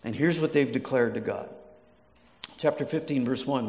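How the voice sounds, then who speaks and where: A man's voice: mid-range voice, moderate pace, long pauses, a little mellow. A man preaching a sermon as a pastor, telling stories, often restarting words and asking the congregation questions. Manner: storytelling, restarts words, asks the audience questions.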